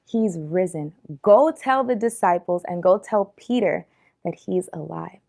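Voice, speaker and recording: A woman voicing an angel in a Bible story, speaking calmly and plainly. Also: lowish voice, unhurried, creaky, no echo, clean studio sound. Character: angel at the tomb, calm messenger.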